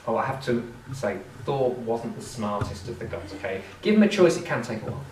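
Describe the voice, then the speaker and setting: Lively British storyteller, man, expressive rising and falling voice, recorded from afar in an echoey hall with faint ambience. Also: mid-range voice, normal speed, a little hiss or hum. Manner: animated, acts out the voices. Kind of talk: live storytelling performance. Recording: echoey live room from far off.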